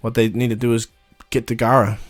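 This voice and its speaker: A man's voice: mid-range voice, flat delivery, a little fast, no room sound, soft background music. Guy retelling a fan story, lots of ums and restarts, mid voice, dry recording. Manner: rambling, many fillers and restarts. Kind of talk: casual retelling.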